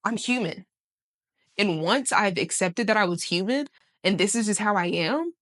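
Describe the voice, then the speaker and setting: A woman in her twenties giving casual motivational talk to camera, emphatic and animated, swearing casually and laughing often. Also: medium pitch, moderate pace. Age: 20s. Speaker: vlogger.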